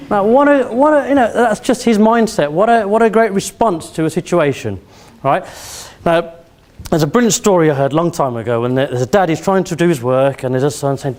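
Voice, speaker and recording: A man in his forties with a Birmingham accent gives a motivational speech from the stage. His voice sits a little high. He talks straight to the audience and keeps them involved with questions and personal stories. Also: expressive, brisk, darkish tone. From Birmingham, England. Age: 40s. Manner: addresses the audience directly with questions and anecdotes. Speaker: competition speaker. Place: event hall before an audience.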